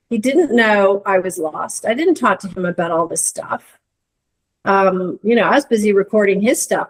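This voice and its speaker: A middle-aged woman, a guest in a conversation, telling a reflective story with many restarts and searching pauses. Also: mid-range voice, low-quality recording. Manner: earnest, searching, lots of hedges and restarts. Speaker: interview guest.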